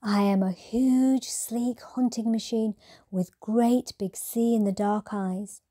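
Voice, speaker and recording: A woman's voice: on the high side, fairly even intonation, takes it slowly, mellow. A woman voicing a small baby boy owl who protests and pouts. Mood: indignant. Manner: insistent, pouty protests.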